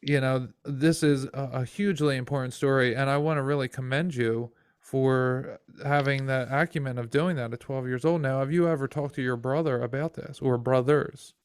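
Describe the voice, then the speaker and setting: A man's voice: medium pitch, fairly even intonation, moderate pace, few pauses, clear, resonant tone, no echo. A man hosting a podcast interview, speaking earnestly with a preacher-like emphasis. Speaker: podcast host. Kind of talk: casual interview chat.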